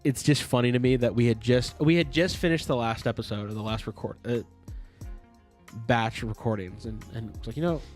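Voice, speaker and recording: A man's voice: medium pitch, brisk, soft background music. A young man co-hosting a casual podcast, rambling with restarts and frequent swearing. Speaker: podcast co-host. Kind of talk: casual chat.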